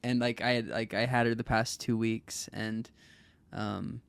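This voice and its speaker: A man's voice: medium pitch, flat delivery, a little slow, gravelly, clear, resonant tone, dry recording. Man speaking with a dry, close sound. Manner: rambling, many "like" fillers. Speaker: podcast guest. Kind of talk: casual conversation.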